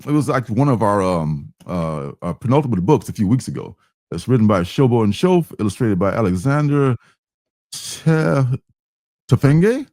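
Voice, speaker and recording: Male livestream host, relaxed and rambling; dry, close sound with a mid-range voice. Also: mid-range voice, no echo. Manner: loose, hesitant and meandering. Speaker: comic book reviewer and livestream host. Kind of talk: casual livestream chat.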